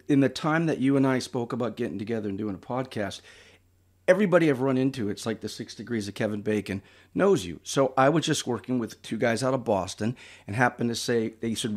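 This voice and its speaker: Host role: chatty man, anecdote teller, middle pitch. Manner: chatty storyteller, acts out quoted voices. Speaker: podcast host. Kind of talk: casual podcast conversation.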